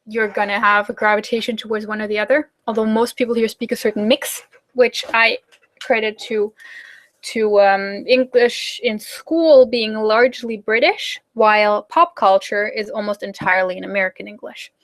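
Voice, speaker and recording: A woman's voice: mid-range voice, fairly even intonation, normal speed. A young German woman hosting a casual live Q&A, chatty and fidgety with lots of ums and likes, speaking English with a German accent. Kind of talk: casual live chat answering viewer questions.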